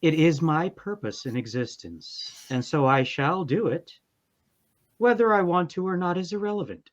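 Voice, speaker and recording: Dutiful machine-like being, formal monotone, slightly dull recording, as a man plays it. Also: fairly high pitch, moderate pace, lightly acted. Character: patient artificial construct, flat and dutiful.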